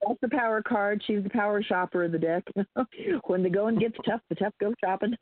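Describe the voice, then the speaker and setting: A woman guest reads birth cards on a call-in show, playful and giggly. Her voice is a little husky and comes through a dry, phone-like channel. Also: medium pitch, a little fast, dry recording. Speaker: guest astrologer and card reader. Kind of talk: casual call-in chat.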